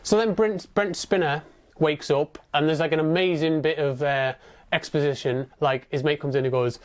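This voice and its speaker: A man's voice: a little high, fairly even intonation, normal speed. A man ranting through a film review, sweary and sarcastic. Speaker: movie reviewer.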